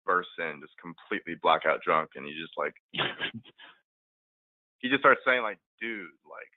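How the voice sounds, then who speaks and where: Man with a low voice over a tinny line. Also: expressive, moderate pace, dry recording. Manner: profane, rambling anecdote. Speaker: podcast guest. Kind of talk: casual storytelling. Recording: tinny phone-like line, dry.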